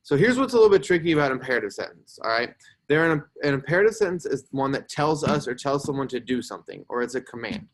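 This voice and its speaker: A man's voice: mid-range voice, lively intonation, fast. A young man teaching a grammar lesson to a class, explaining patiently and checking in with "right?" as he goes.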